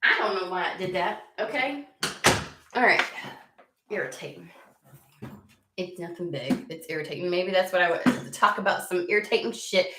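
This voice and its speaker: A woman's voice: on the low side, moderate pace, long pauses, very noisy. A woman from the United States, reading tarot and chatting casually, easily sidetracked, swearing now and then. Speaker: tarot reader. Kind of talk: rambling casual chat. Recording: echoey room.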